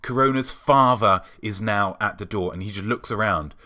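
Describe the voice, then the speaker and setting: A man hosting his show, delivering a rambling, deadpan comic monologue full of ums. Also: lowish voice, moderate pace. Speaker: show host.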